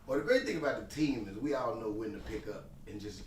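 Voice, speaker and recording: A man's voice: lowish voice, lively intonation, fast talker, far from the mic. A man, a podcast co-host, telling a story in a profane, laughing, emphatic way. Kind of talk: casual storytelling. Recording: roomy, off-mic with noise.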